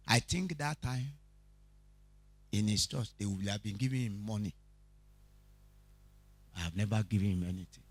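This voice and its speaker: The pitch is fairly low and the speed normal, with long pauses and no echo. A Yoruba-speaking man with a Nigerian accent gives a preachy Bible study sermon, asking his audience questions and storytelling with animation.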